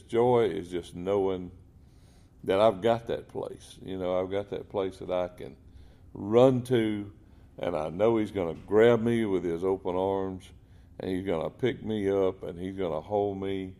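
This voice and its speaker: A man's voice: sits low, unhurried, gravelly, warm tone. A man telling faith stories in a folksy, earnest way. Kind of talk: casual Christian talk.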